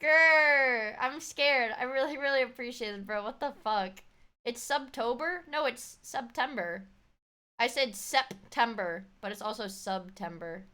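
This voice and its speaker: A woman streamer chatting casually as she reacts to a video, excitable and swearing, shrieking thanks to her viewers. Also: on the high side, normal speed.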